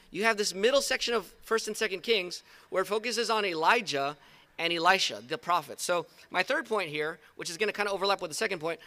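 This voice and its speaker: A man preaching a sermon at an outdoor service, retelling stories in a conversational, animated way. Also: high-pitched. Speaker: pastor.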